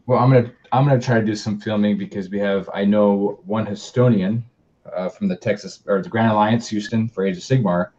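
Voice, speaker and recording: Deep, mellow man on a lo-fi line. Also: steady tone. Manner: halting, fills with uh and restarts. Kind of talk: casual chat. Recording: dull lo-fi sound.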